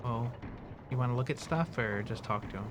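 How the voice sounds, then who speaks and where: A woman's voice: a bass voice, a little fast, noisy background. A woman chatting and teasing her friend while playing a game together. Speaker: game player. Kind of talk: casual let's play chat.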